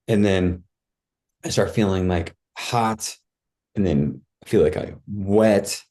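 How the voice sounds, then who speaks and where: A man with a fairly low, warm, relaxed voice tells a personal story as a podcast guest. He speaks casually and vividly, acting out his own cries as he goes. His talk is full of "like" and "dude.". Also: normal speed.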